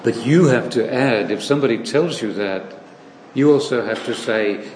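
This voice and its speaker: A man preaches in a large, echoing hall, his voice carrying a long reverb. He speaks slowly and deliberately, circling back to repeat key phrases, with a faint hum of the room behind him. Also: medium pitch, animated. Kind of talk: sermon. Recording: echoey hall, slightly distant, faint room noise.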